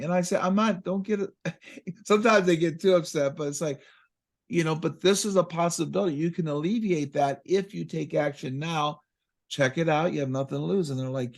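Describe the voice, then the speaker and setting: A man in casual conversation, telling stories with excitement and acting out his exchanges with patients. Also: fairly high pitch, normal speed, creaky. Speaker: chiropractic practice coach.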